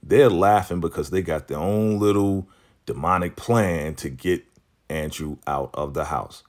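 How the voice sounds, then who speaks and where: Deep-voiced man recapping a TV episode. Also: unhurried. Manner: animated storytelling, acts out quotes. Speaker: TV recap vlogger.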